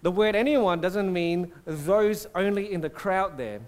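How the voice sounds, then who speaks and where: Animated high-voiced pastor. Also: male voice, unhurried. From Singapore. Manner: conversational, animated preaching with acted asides. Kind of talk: sermon.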